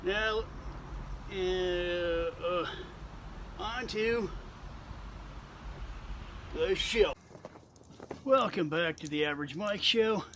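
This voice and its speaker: A man hosting his own vlog in a casual, halting way, with a congested, nasal voice and many fillers. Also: sits high, a bit bright, slight background noise. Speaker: vlog host.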